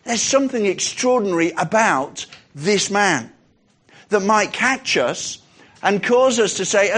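A man preaching a sermon, emphatic, asking rhetorical questions and slowing down on key phrases. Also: high voice, lively intonation, fairly bright tone.

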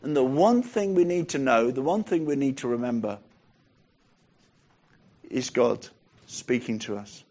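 A man preaching a sermon in a conversational way, dropping softer for quoted lines and lifting his voice when reading scripture aloud. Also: medium pitch, lively intonation, measured pace, pauses often.

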